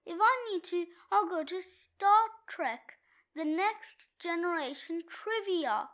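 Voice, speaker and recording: A woman's voice: very high-pitched, animated, slow pace, fairly bright tone, full character voice. A woman doing a nervous wisecracking sixth-grade boy. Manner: self-conscious, wisecracking.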